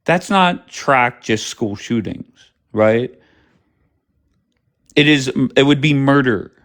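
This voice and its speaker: A man's voice: mid-range voice, expressive, takes it slowly, a bit bright. A man hosting a live stream, talking casually with heavy swearing and a combative, sarcastic manner. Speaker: livestream host. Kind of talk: casual profane livestream chat.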